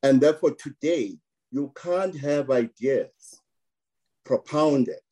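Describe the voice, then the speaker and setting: A man making a measured, emphatic argument in an interview, building points through repetition. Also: medium pitch, dark tone, poor audio.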